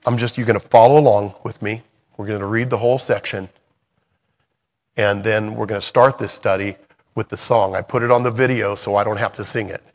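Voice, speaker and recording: Leading a Bible study in a large hall, a middle-aged man who teaches Bible study and writes songs speaks in a low, steady, brisk voice. His talk is earnest and conversational, and when he reads scripture aloud he keeps stopping to correct himself and start over.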